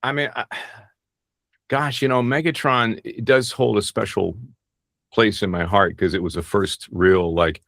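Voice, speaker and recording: A man's voice: on the low side, steady tone, measured pace, gravelly, fairly bright tone, no echo, clean studio sound. A middle-aged man, a voice actor, talking casually in an interview, rambling and self-deprecating with many restarts. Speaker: voice actor guest.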